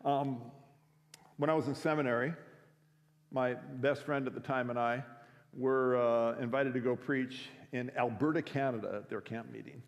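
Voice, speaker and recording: Male pastor, mid pitch, chatty storytelling sermon, recorded in a big echoing auditorium. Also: steady tone, normal speed, vocal fry. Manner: conversational, frequent restarts. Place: school chapel or auditorium. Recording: long hall reverb.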